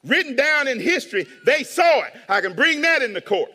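A man preaching a sermon as pastor, animated, acting out voices and swinging between hushed asides and shouts. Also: very high voice, a little fast. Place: church hall with long reverb. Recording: reverberant hall.

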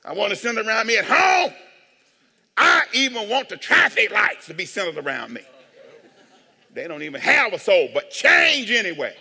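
Lively, bright-voiced man preaching in reverb. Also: high-pitched, normal speed, gravelly, slightly rough. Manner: animated, joking, calls for amens. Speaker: pastor. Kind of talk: sermon. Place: church sanctuary. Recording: long church reverb.

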